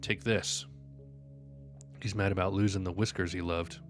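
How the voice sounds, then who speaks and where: Tired guy reading manga out loud on stream, lowish voice, reacts as he goes, faint music under it. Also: fairly even intonation. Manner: reads every character's lines aloud between quick reactions. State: sleepy, yawning. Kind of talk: live manga read-aloud and reaction.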